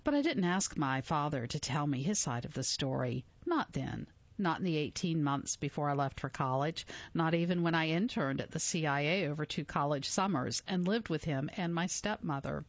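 A woman in her forties narrating a memoir audiobook in a measured, reflective way. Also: low voice, lively intonation, no room sound, muffled recording.

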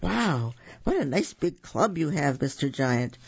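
Reader doing a high, eager little wolf pup, lively swoops, slightly husky, storybook read-aloud. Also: measured pace, exaggerated voice. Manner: eager, bright and chirpy. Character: cheerful polite young male wolf pup. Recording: dull lo-fi recording.

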